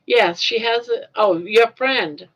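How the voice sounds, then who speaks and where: A woman's voice: a little high, takes it slowly, fairly bright tone. An older woman from Maine hosting a casual livestream chat, rambling along and repeating words as she goes. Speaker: livestream host. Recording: dull lo-fi livestream audio.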